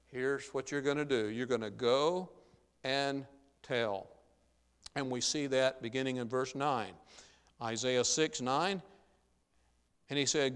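A man's voice: mid-range voice, fairly even intonation, unhurried, clean tone. A man preaching a sermon in an earnest, emphatic way, his voice rising when he quotes Scripture. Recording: long reverb of a large hall.

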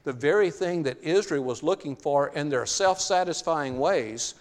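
A man's voice: fairly high pitch, expressive, normal speed, hardly any pauses, long reverb tail. A man preaching a sermon, reading scripture aloud with emphasis and then paraphrasing it in a conversational way.

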